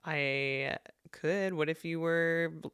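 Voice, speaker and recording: A woman co-hosts a podcast with upbeat, teasing banter. Her voice is bright and smooth, and the sound is dry and close to the mic. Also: sits low, takes it slowly, dry recording. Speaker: podcast co-host. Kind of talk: casual podcast chat.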